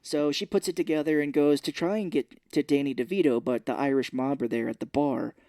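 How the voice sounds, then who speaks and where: A man's voice: fairly high pitch, brisk, dry recording, clean studio sound. A man co-hosting a casual film podcast, animatedly retelling the plot scene by scene. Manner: animated retelling with playful put-on voices. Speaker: podcast co-host. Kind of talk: casual film recap chat.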